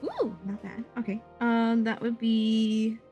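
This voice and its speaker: A woman taking her turn in a tabletop game, working out her moves and counting dice aloud in an easy way. She speaks slowly, with a slightly high voice. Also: steady tone, mellow, soft background music. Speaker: player. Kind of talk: casual tabletop game play.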